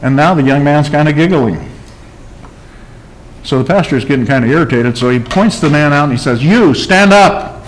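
A man with a slightly higher voice preaches a sermon. He presses his points with rhetorical questions, calls for an amen and drifts into storytelling. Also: fairly quick, long pauses, low-quality recording. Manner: emphatic preaching, calls for amen and tells stories. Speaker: pastor.

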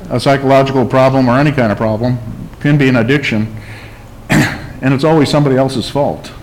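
A man's voice: mid-range voice, slight background noise, low-quality recording. A man preaching a sermon, asking rhetorical questions, calling out for an amen and telling stories to his congregation. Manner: emphatic preaching, calls for amen and tells stories. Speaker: pastor.

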